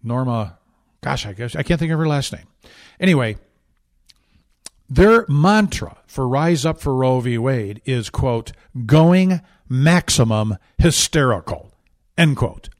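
A man's voice: medium pitch, expressive, a little slow, long pauses. A man hosting a political talk show, delivering sarcastic, indignant commentary with emphatic repetition and frequent restarts.

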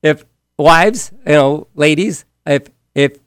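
A man preaching a sermon with emphasis, repeating key words and moving between loud and hushed delivery. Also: fairly high pitch, slow, clear, resonant tone, dry recording, clean studio sound. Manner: asks the listeners direct questions.

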